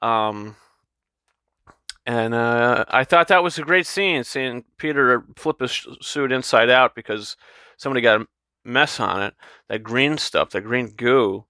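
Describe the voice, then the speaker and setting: A man talking through a movie he loved, full of ums, restarts and eager asides. His voice is bright and forward, sitting at an average pitch. The sound is dry and close, with no room around it. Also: a little slow, clear, resonant tone, dry recording. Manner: enthusiastic, rambling with fillers and restarts. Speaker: movie reviewer. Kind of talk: casual spoken film review.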